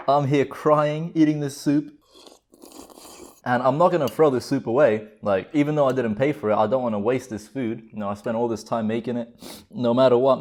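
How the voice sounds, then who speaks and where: A man's voice: medium pitch, darkish tone. A man hosting a casual cooking vlog at home, rambling and exclaiming with self-mocking humor. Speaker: channel host. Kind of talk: casual vlog chat while cooking and eating.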